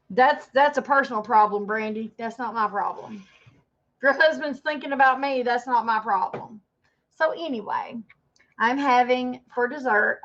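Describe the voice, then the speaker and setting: A woman's voice: a little high, a bit bright. Fifty-year-old woman ranting on a livestream. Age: 50s. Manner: rambling, defensive, talks to chat viewers. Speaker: livestream host. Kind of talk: casual livestream rant. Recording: dull lo-fi stream audio.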